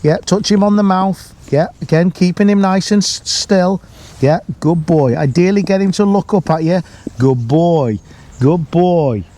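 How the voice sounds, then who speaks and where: A man, a dog trainer, explaining a training exercise outdoors in a calm, explanatory way, with sharp calls to the dog. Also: high-pitched, normal speed. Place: outdoors in a field.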